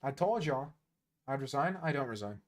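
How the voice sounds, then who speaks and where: A man streaming online chess, chatting casually and thinking aloud, quick to make fun of his own play. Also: mid-range voice, animated. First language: English. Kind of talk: casual live-stream commentary.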